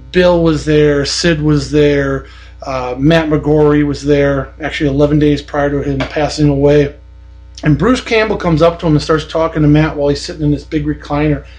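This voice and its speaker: A man's voice: a little high, a little mellow, rough recording. Blunt, profane man telling a grudge story. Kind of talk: casual ranting anecdote.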